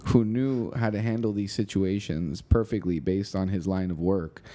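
A man with a fairly low voice talks in easy, casual conversation. He drops the odd swear and keeps saying "you know" while he thinks. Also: steady tone, normal speed, dark tone. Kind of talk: casual chat.

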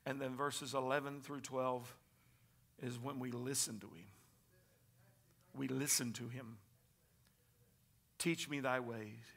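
A man preaching a sermon to a congregation in church, reading scripture and swinging from hushed whispers to shouted passages. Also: medium pitch, fairly even intonation, unhurried, pauses often, slightly rough.

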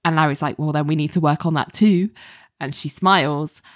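A woman with a lowish voice, recorded dry and close, talking through a TV episode scene by scene. She tells it casually and acts out the characters' lines as she goes. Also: steady tone, a little fast, no echo. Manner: recounts scenes in detail, acts out quotes, laughs often. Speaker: podcast co-host recapping a TV episode. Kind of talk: casual chat.

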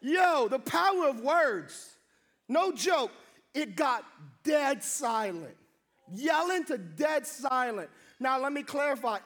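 A young male pastor whose voice sits unusually high. He preaches in a lively storytelling way and acts out quotes. Every so often he bursts into a shout to drive a point home. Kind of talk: sermon with comic storytelling.

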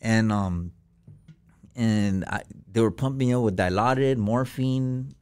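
A man's voice: lowish voice, measured pace, a little mellow, smooth. A man telling a personal story as a podcast guest, in slangy, profane casual talk full of fillers.

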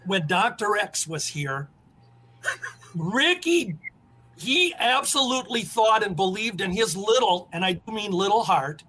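Guy telling blunt funny stories, high bright voice, bit of hiss behind. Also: animated, measured pace. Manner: blunt, colorful storyteller. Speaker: podcast co-host. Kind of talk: storytelling chat.

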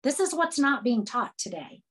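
A woman's voice: fairly high pitch, sing-song, normal speed, slightly rough. A woman preaching a sermon to a women's group, emphatic and repetitive.

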